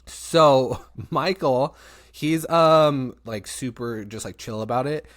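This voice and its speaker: Taking it slowly in a mid-range voice, a young podcast host chats casually through a story. He stays animated, laughing a lot and cursing without restraint.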